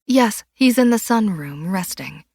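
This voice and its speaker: A woman's voice: medium pitch, lively intonation, a little slow, vocal fry, a little mellow, husky, no echo, studio quality, voice pushed up, exaggerated voice. Woman voicing a guarded, anxious hostess.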